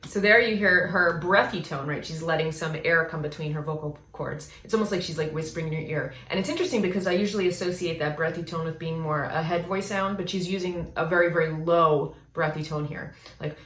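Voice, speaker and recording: Bright-voiced woman vocal coach, echoey room. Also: deep voice, brisk, few pauses. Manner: chatty, explanatory, with frequent "right?" and "you know?" tags. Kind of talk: casual reaction commentary.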